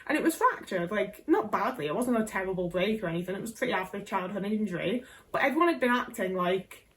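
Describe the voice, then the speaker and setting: A woman's voice: mid-range voice, animated, quick pace, recorded from a distance, poor audio. A young English woman vlogger telling a personal story to camera, candid and sweary, with lots of "like".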